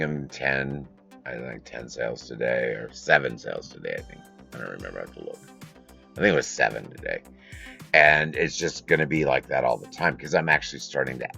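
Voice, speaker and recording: Low-voiced man rambling on a home live stream. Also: gravelly, fairly bright tone, breathy edge, dull audio. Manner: rambling, breaks off to scold his dogs. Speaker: host. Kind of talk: casual live-stream monologue. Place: home room with a curtain backdrop.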